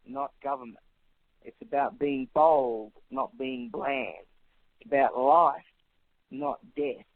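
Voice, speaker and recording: A man's voice: mid-range voice, no echo. An Australian man in his thirties, a guest in a radio interview, speaking confidently in punchy rhetorical contrasts. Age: 30s. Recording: tinny phone line, dry.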